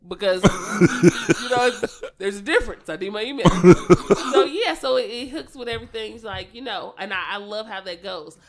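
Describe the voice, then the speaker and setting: A woman's voice: medium pitch, fairly quick, a bit bright. A woman co-hosting a podcast in casual chat, telling playful stories with frequent giggles. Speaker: podcast co-host.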